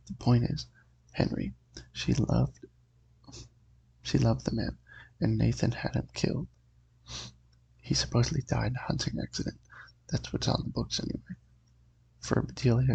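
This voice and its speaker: A man's voice: mid-range voice, steady tone, normal speed, creaky, pauses often, darkish tone, breathy edge, dull audio, exaggerated voice. A man voicing a catty old aunt. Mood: gossipy. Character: snide old great-aunt, gossiping over tea.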